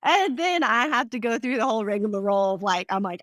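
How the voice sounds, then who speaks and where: Animated storytelling businesswoman. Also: on the high side, brisk, dry recording. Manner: animated storyteller, acts out quoted voices. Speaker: guest speaker. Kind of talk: podcast interview.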